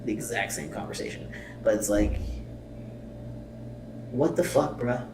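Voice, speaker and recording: At a measured pace and medium pitch, a male reaction-video host bluntly comments and reads subtitles aloud, swearing in exasperation. Music plays in the background, and the recording is echoey with a distant mic and faint noise.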